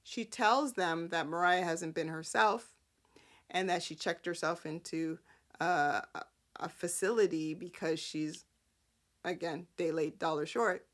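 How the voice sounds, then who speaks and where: A woman hosting a casual soap-opera recap, sassy and animated, often breaking into character quotes. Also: on the low side, a little slow. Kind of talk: casual chat.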